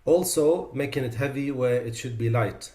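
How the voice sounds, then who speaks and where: A man teaching Quran recitation, explaining pronunciation mistakes and slowly demonstrating the right and wrong sounds. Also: medium pitch, mellow. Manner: demonstrates pronunciations slowly and with emphasis, then explains in plain speech. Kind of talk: tajweed lesson. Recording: echoey room.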